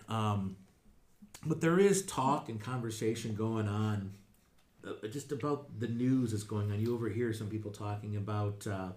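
A man's voice: on the low side, a little mellow, echoey room. A man running a tabletop game as game master, narrating casually with fillers. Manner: casual, rambling with fillers, laughs often.

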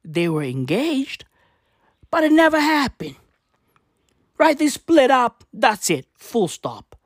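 A woman's voice: high voice, big pitch swings, slow pace, no echo, studio quality. A woman ranting through news commentary, profane and slangy, firing off rhetorical questions.

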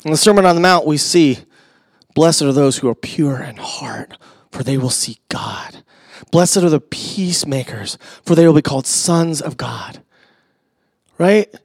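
A middle-aged male pastor delivering a sermon in a fairly high voice. He talks conversationally, with asides to the congregation, and drops from loud emphasis into hushed near-whispers. The sound is dry and close, with little room echo.

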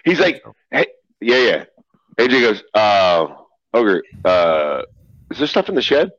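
A man co-hosting a podcast, telling a story in excitable casual chat with swearing. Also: fairly low pitch, measured pace, dry recording, lo-fi sound. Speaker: podcast co-host.

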